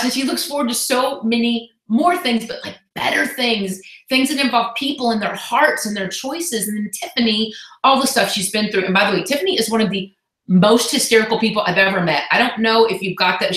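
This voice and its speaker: A woman coach talking on a casual motivational live call, heartfelt and chatty with quick asides. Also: fairly high pitch, fairly bright tone, echoey room, poor audio. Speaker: fitness business coach.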